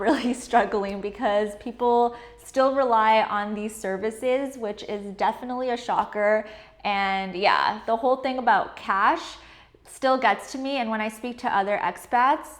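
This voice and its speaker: A woman from Canada, talking casually to camera in a chatty, filler-heavy way. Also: medium pitch. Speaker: vlogger.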